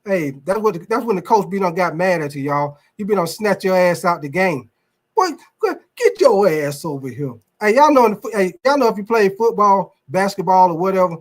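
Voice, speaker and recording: A sports show host with a high-pitched voice talks fairly quickly and barely pauses on his casual live stream. He rambles loosely, swears, reacts to chat, and calls his viewers y'all.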